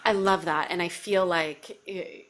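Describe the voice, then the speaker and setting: A woman's voice: lowish voice, steady tone, a little slow, fairly bright tone. A middle-aged woman hosting a casual talk show, chatting in a loose, conversational way full of "like" and "you know". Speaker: podcast host. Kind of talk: casual chat.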